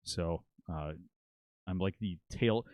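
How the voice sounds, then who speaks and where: A man's voice: sits low, slow, a little mellow, no room sound. A man in his late thirties from Minnesota, telling rambling, profane stories as a podcast guest. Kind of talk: casual storytelling.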